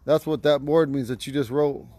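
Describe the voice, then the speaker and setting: A man teaching vocabulary to a class outdoors at home, patiently repeating each word slowly. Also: mid-range voice, steady tone, dark tone, dry recording. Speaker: language teacher.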